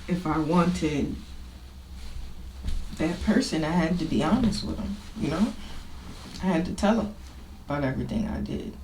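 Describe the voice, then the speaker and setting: A woman's voice: sits low, expressive, moderate pace, pauses often, darkish tone. A woman hosting a podcast, talking informally and emphatically about her own life in a reflective, confessional way. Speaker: podcast host. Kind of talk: personal confessional talk. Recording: echoey room with faint noise.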